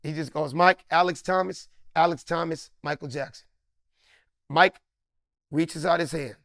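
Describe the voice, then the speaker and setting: A comedian in his fifties from Los Angeles tells animated stories in a sit-down interview, slangy and emphatic, slipping into the voices of people he quotes. His voice sits a bit high for a man, fairly bright with vocal fry, and he speaks a little slowly. The recording is dry and close, with no room sound.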